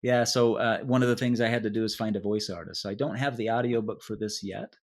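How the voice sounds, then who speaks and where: A man guesting in a relaxed interview, talking in a loose, rambling way with frequent restarts. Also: lowish voice, a little fast. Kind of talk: casual chat.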